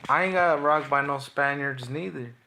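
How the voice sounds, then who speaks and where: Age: young adult. Role: trash-talking male boxer. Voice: bright. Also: fairly high pitch, normal speed, gravelly. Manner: taunting, slangy and repetitive. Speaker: boxer on a livestream. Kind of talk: livestream trash talk to chat.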